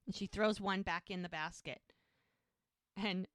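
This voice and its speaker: A woman's voice: medium pitch, moderate pace, fairly bright tone, no room sound. A woman co-hosting a podcast, retelling a TV episode in casual chat and acting out the characters' lines. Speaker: podcast co-host.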